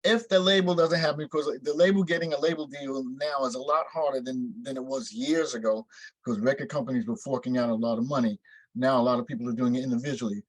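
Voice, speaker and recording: A man's voice: mid-range voice, steady tone, fast, dry recording, low-quality recording. An older man from New York, a guest musician in an interview, telling stories emphatically and acting out quotes. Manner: emphatic storyteller, acts out quotes. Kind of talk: interview conversation.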